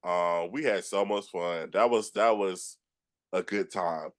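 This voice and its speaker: Brief: Southern man, Georgia accent, low voice, lively storyteller host. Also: slow. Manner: animated storyteller with frequent restarts, acts out quotes. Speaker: podcast host. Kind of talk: casual storytelling chat.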